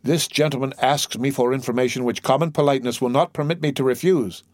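A man voicing an eager, blunt innkeeper who talks in an anxious, hurried way. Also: medium pitch, steady tone, a little mellow, no room sound, studio quality, close to an everyday voice. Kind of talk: audiobook character reading.

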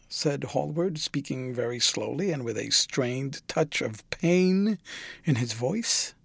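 A man narrating a classic novel in a measured, unhurried way. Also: mid-range voice, expressive, creaky, fairly bright tone, slightly rough, dry recording. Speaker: audiobook narrator.

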